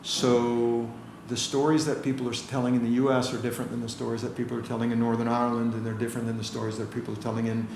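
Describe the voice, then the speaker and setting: American guy telling stories, kinda gravelly, room echo and a bit of hiss. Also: medium pitch, fast, hardly any pauses. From United States. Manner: animated storyteller, acts out quoted voices. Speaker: chiropractor guest. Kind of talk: casual storytelling interview. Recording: roomy with faint ambient noise.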